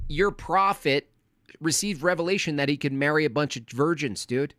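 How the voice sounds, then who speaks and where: A man hosting a live stream, ranting in a mocking, crude and animated way. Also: on the high side, normal speed, clean tone, no room sound, clean studio sound. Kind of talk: casual live stream rant.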